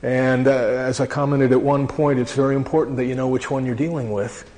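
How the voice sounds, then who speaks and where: A man preaching a sermon, earnest and slowing down to stress key phrases. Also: medium pitch, fairly even intonation, a little mellow. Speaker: pastor. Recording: long reverb of a large hall.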